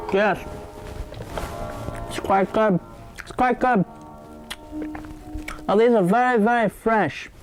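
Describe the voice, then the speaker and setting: Rambling, high-voiced cooking show man. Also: a little mellow. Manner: rambling, digressive, hesitant with many fillers. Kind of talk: comedic cooking show character.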